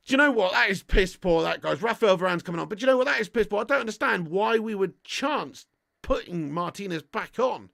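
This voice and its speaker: A young British man hosting a live football watch-along, sweary and excitable, chatting with viewers and laughing often. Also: high voice, brisk, vocal fry, dry recording, studio quality.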